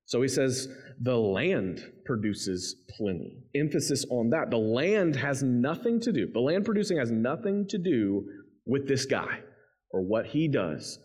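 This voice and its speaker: Male pastor, mid-pitched, casual and emphatic sermon delivery, reads a passage then unpacks it. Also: big pitch swings, unhurried, darkish tone, husky. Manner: conversational, emphatic, reads scripture then explains it.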